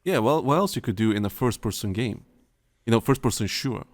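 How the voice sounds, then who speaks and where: A man co-hosting a podcast in casual chat, rambling and halting, with plenty of fillers and restarts. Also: medium pitch, lively intonation, dry recording. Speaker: podcast co-host.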